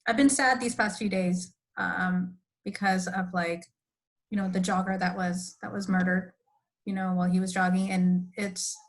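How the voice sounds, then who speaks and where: A woman hosting a podcast, reflective and animated in casual conversation, laughing often. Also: fairly low pitch, normal speed. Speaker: podcast host.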